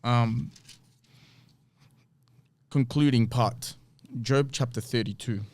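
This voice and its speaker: A man's voice: mid-range voice, slow pace, darkish tone, no room sound. Earnest man teaching from scripture. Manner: reads scripture aloud and explains it, earnest with rhetorical questions. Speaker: podcast host. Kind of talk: bible teaching talk.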